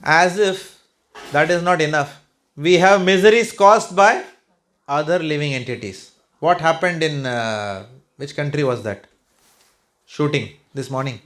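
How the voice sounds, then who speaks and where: A man's voice: a little high, a little slow, pauses often, fairly bright tone. Chatty Indian-accented man giving a spiritual talk. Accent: Indian English. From Mumbai, India. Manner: conversational, peppered with rhetorical "hmm? right?" checks and chuckles; wry, occasionally sarcastic. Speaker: spiritual speaker. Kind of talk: spiritual talk to a home group.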